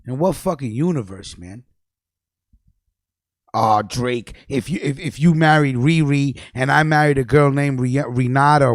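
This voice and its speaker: A man's voice: measured pace, no echo. Profane ranting man, dry close sound. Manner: angry, profane, repeats himself, swings between low mutters and loud outbursts. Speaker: livestream host.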